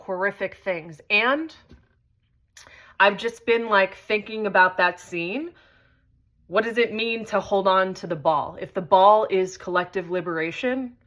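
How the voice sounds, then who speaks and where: A woman with a bright, clear-edged voice talks straight to her viewers in a casual vlog. She tells a story in a loose, conversational way and swears freely. Her pitch sits in the middle range. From United States. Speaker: host.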